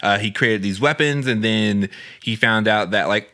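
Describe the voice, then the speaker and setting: A man co-hosting a casual movie podcast, enthusiastic and quick to laugh. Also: medium pitch, pushed and bright, clear, resonant tone. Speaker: podcast co-host.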